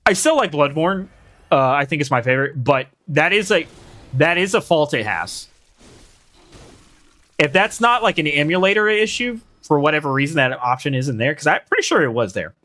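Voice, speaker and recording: Animated young man streaming a game. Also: a little high, normal speed. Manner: reactive, swearing, talks to himself and chat. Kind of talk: casual gaming commentary.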